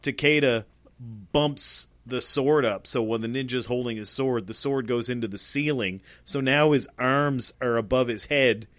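A man co-hosting a casual podcast, recounting a film scene by scene in an animated, profane way and laughing often. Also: medium pitch, a little slow, dry recording. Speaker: podcast co-host. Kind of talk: casual movie discussion.

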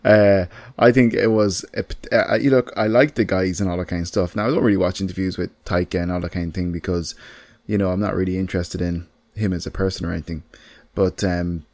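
A man's voice: low voice, fairly even intonation, brisk, darkish tone, no room sound. A man co-hosting a casual film chat, rambling and restarting his thoughts as he goes. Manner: rambling, lots of fillers and restarts. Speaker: podcast co-host. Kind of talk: casual chat about films.

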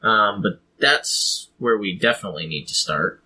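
Bright-voiced man explaining game worldbuilding. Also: lowish voice, lively intonation, moderate pace, slightly rough, poor audio. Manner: rambling, explanatory, with frequent ums and laughs. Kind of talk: casual chat about tabletop game design.

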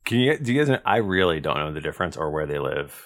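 A man's voice: rumbling low, sing-song, quick pace, a bit bright. A man narrating as game master of a tabletop game, laid-back and amused.

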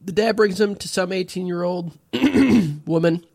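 A man casually recapping a show episode with friends, with a relaxed, laid-back delivery full of "yep" and "uh". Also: sits high, measured pace, creaky, no room sound, clean studio sound. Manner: relaxed, summarizing with frequent "yep" and "uh". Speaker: podcast host recapping an episode. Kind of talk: casual chat.

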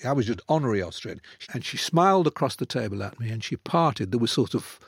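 An older man, a guest, telling a self-mocking anecdote with theatrical swings between loud and hushed delivery. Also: medium pitch, lively intonation, fast, creaky, breathy edge, no room sound, clean studio sound. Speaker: guest author. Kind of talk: storytelling anecdote in conversation.

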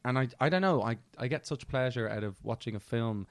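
A man's voice: medium pitch, a little fast, dry recording. Man, film podcast co-host, casual chat, close dry mic. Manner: chatty, laughs easily, trails off searching for names.

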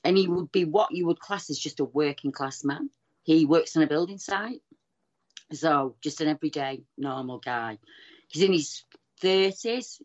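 Low-voiced woman, dull line. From England. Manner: chatty, animated retelling with many restarts. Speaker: guest researcher. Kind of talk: casual storytelling over a call.

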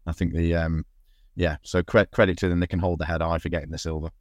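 A man talks through a casual podcast chat in a lowish voice, tripping over his words and restarting often. He swears now and then. The sound is dry and close, with no room in it. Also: flat delivery, quick pace, no echo. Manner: rambling, many restarts and fillers, swears. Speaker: podcast host.

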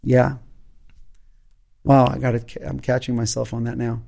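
A man from Brooklyn, a musician guest in a casual interview, talking haltingly with many restarts. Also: mid-range voice, level tone, vocal fry, dark tone. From Brooklyn, USA. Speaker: guest, recording artist.

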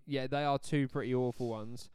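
A man's voice: medium pitch, steady tone, normal speed, darkish tone, clear, resonant tone, dry recording. A young man co-hosting a casual football podcast, rambling and easily flustered. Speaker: podcast co-host.

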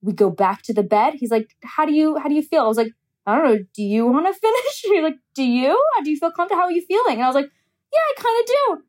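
High-voiced woman telling a wild story. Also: expressive, rapid-fire, a little mellow. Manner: candid, laughs often, vivid and profane. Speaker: podcast host telling a story. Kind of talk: casual storytelling chat.

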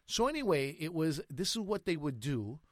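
A man's voice: a little high, very animated, dry recording, clean studio sound. A man in his thirties co-hosting a podcast, chatting casually and telling stories with jokey asides. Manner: storytelling, jokey, quick asides. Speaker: podcast co-host. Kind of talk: casual chat.

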